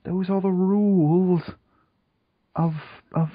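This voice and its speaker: A man's voice: sits high, steady tone, slow pace, husky, dry recording. A man co-hosting a podcast in casual comedic chat, dry and sarcastic, swearing. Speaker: podcast co-host. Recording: dull lo-fi audio.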